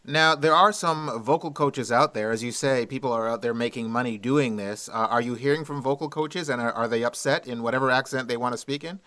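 Man, Canadian accent, radio host, polished announcer delivery, crisp voice. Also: medium pitch, a little fast, hardly any pauses, pushed and bright. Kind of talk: radio interview.

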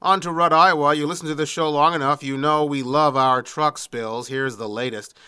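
A man hosting a comedy news roundup podcast, reading odd stories and dropping wry deadpan asides. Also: a little high, moderate pace, clear, resonant tone. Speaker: podcast host.

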